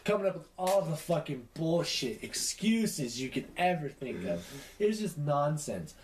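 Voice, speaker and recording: A man's voice: on the high side, sing-song, normal speed. A young man telling a profane story in casual chat, acting out the quotes. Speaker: podcast co-host. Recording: echoey room with faint noise.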